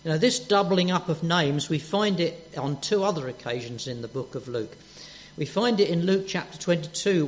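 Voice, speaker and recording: A man preaching a sermon, gentle and earnest, dropping soft on quoted words. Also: on the high side, lively intonation, moderate pace, a little hiss or hum. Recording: dull lo-fi church recording.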